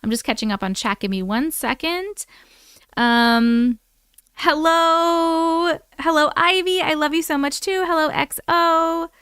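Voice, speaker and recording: A woman's voice: high-pitched, unhurried, a bit bright, no echo, studio quality. A woman hosting a live stream, chatting casually and greeting viewers by name as she catches up on chat. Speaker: livestream host reading chat. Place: at home.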